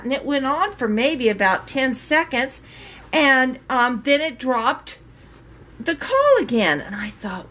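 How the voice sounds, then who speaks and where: Older woman, slightly high voice, unhurried, chatty storyteller, animated quotes. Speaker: reborn doll maker vlogger. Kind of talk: casual storytelling to viewers.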